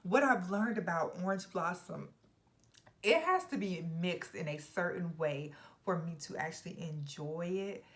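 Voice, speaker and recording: A young woman talks straight to camera about fragrances in an emphatic, playful way. Her voice sits a little low for a woman, and she now and then drops into hushed, whispered asides. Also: animated, a little slow. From Georgia, US. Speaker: fragrance reviewer. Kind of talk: casual chat to camera.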